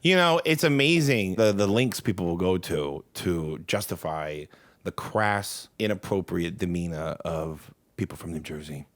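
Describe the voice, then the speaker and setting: A man's voice: sits low, expressive, a little slow, no room sound. A man co-hosting a comedy podcast, chatting casually with a sarcastic, mock-serious manner. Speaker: podcast co-host.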